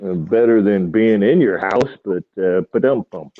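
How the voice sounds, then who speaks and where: A man's voice: fairly low pitch, normal speed, dry recording. Man on a tinny phone line. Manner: clowning, sings lines and puts on mock accents. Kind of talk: joking casual chat.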